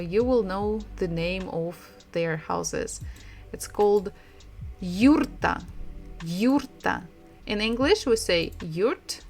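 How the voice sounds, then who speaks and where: A woman teaching a language lesson, repeating sounds slowly and laughing often. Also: mid-range voice. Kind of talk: slow, patient language lesson.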